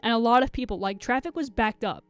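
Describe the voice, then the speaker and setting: Young woman, live streamer, rambling storytelling, swears a lot, near tears, smooth clear voice, dry sound, faint music behind. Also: fairly high pitch, quick pace, no echo. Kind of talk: casual storytelling to a live chat.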